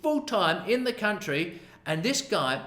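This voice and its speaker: A middle-aged Australian massage therapist telling an embarrassing story to camera in a lively, self-deprecating way, acting out the dialogue. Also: male voice, high-pitched, unhurried. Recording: roomy echo.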